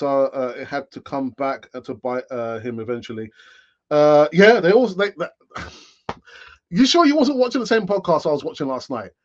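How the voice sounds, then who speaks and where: A man's voice: mid-range voice, highs cut off. A man in his late fifties hosting a live-stream fan show, rambling in a chatty way with many fillers and restarts. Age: late 50s. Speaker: football fan channel host. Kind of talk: live-stream chat commentary.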